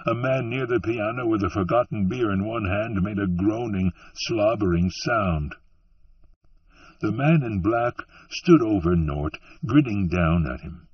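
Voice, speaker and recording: Man reading an audiobook, slow and husky, sounds far off and muffled. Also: on the low side, no room sound. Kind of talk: scripted audiobook narration. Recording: muffled, dry, from off-mic.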